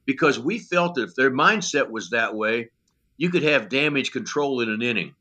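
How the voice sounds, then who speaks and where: A man's voice: mid-range voice, normal speed. An older man and former coach, telling blunt, salty stories in an interview and acting out each exchange with many "you know" fillers. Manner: animated storyteller who acts out dialogue, with many "you know" fillers. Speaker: former pitching coach, guest. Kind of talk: storytelling in a podcast interview.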